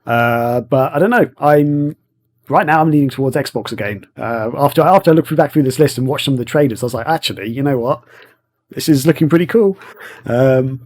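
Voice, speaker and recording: A man's voice: fairly high pitch, darkish tone. A man with an English accent, hosting a casual podcast chat, rambling with many fillers. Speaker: podcast host.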